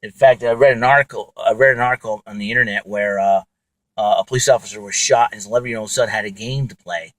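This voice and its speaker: A man's voice: on the low side, fairly even intonation, quick pace, no room sound, rough recording. A man hosting his own podcast, talking alone in a rambling way with many fillers and restarts. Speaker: podcast host. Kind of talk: casual monologue.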